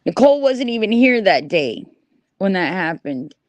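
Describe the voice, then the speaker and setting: A woman chatting casually on a livestream, animated and swearing freely as she talks back to her chat. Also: medium pitch, moderate pace, dry recording. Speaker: livestream host.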